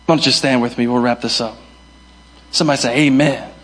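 A man's voice: medium pitch, steady tone, brisk, a bit bright. A young male pastor preaching a sermon, emphatic and repeating his key phrases. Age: young adult. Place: church hall.

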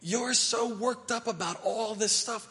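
A man doing a relaxed, reassuring teacher. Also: high voice, brisk, breathy edge, pitched above the performer's own voice, exaggerated voice. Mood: soothing. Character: calm teacher soothing a worried host. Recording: reverberant church hall.

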